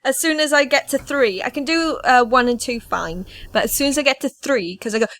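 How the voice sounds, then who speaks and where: Young Welsh woman, casual podcast host, teasing and chatty, a little high, dry close mic. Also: a little fast, fairly bright tone, no room sound. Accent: Welsh, toned down. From Wales.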